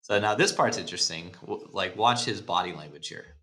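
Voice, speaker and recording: A man's voice: deep voice, fairly quick, bright, forceful tone. A man hosting a podcast, breaking down movie scenes in casual chat, laid-back, swearing and laughing often. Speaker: podcast host. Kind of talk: casual film-analysis chat.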